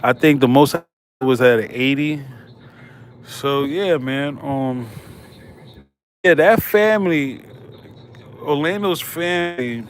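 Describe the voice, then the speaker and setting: A man's voice: medium pitch, slow pace, long pauses, slight background noise. A man hosting a casual livestream from a hospital room, slangy and laid back as he chats with viewers. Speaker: livestream host.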